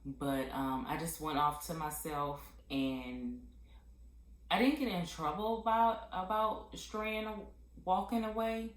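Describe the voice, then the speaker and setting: A woman vlogger telling a candid personal testimony in a heartfelt, halting way with many pauses and fillers. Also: deep voice, fairly even intonation, roomy sound, poor audio.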